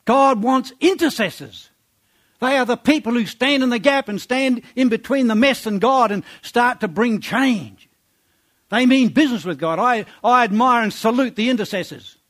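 A man delivers a sermon at normal speed, reading scripture aloud and prodding his congregation with rhetorical questions. He drops to a quiet, low voice for praise.

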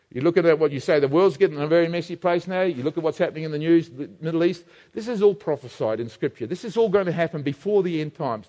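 A man's voice: fairly high pitch, darkish tone, long reverb tail. A man preaching a sermon, emphatic and fond of repeating phrases for effect.

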